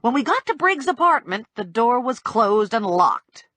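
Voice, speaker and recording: Husky woman narrating an audiobook. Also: a little high, very animated, unhurried, bright, forceful tone, dry recording. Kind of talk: scripted first-person audiobook narration.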